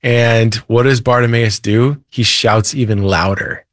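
A man's voice: medium pitch, steady tone, a little slow, dry recording, studio quality. A man, a preacher and author, earnestly retelling a Bible story as an interview guest.

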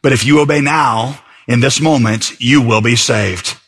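A man voicing a thin, humble country lay preacher who shouts out his simple message in a drawn-out preaching cadence. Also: medium pitch, vocal fry, breathy edge. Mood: stern.

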